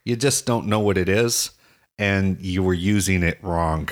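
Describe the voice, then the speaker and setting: A man's voice: low-pitched, a little slow. A man co-hosting a relationship podcast, talking in a playful, rambling, teasing way. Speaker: podcast co-host. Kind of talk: casual relationship podcast chat.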